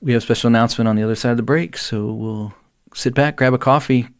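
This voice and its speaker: A man's voice: mid-range voice, smooth. A man hosting a podcast in a studio, chatting casually and laughing often. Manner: laid-back, laughs often, quick agreeing interjections. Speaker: podcast host. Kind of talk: casual chat.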